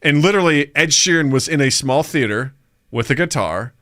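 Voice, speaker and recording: Male podcast co-host, animated storyteller, bright and slightly higher voice. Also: fairly quick. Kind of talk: casual chat.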